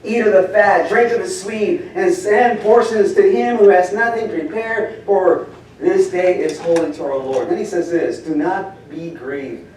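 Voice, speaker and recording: A middle-aged man preaching to a church, telling stories with frequent chuckles and sudden swings from loud to hushed. His voice is heard from far off in a big, heavily echoing hall. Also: high voice, normal speed, slight background noise. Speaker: pastor. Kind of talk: sermon. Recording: distant echoey hall from far off.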